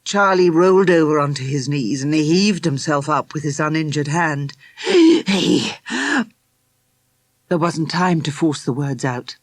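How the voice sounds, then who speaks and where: A male narrator reads a tense chapter with vivid, dramatic storytelling. His voice sits a bit high for a man, recorded close to the mic in a dry studio with no room sound. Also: moderate pace, hardly any pauses, no echo. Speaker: audiobook narrator. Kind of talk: scripted narration.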